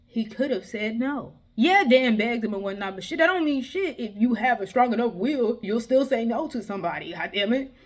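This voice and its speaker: A woman giving a heated, exasperated casual review, swearing often and breaking into animated outbursts. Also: mid-range voice. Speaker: manga reviewer.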